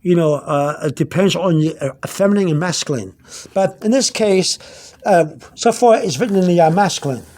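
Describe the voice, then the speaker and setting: A man teaching vocabulary in an unscripted video lesson, halting, repeating himself and filling pauses, slowing down to spell out words. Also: high voice, a little mellow. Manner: searches aloud through his notes. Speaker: language teacher.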